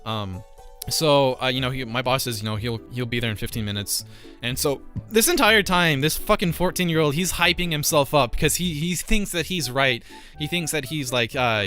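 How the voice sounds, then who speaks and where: A man's voice: mid-range voice, bright, forceful tone, clean tone, no echo. A young man telling a frustrated, rambling storytime about a job, full of fillers and swearing. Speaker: vlogger. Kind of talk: casual storytime rant.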